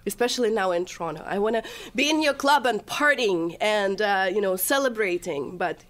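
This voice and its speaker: A woman's voice: mid-range voice, animated, moderate pace, a bit bright. A young woman from Russia chats in a casual interview, spinning stories and acting out what people said to her. She laughs often as she talks. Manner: chatty storyteller, laughs often, acts out quotes. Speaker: guest, TikTok comedian.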